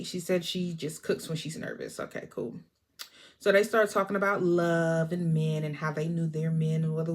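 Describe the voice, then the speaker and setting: Chatty woman recapping a movie. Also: lowish voice. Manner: chatty and expressive, talking straight to viewers. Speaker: movie reviewer.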